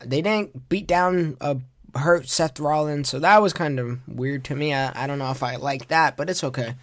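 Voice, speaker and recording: A man with a slightly high voice recaps wrestling in a loose, rambling way. He sounds exasperated and vents freely, recorded dry and close with no room sound. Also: normal speed, no echo. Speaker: podcast host.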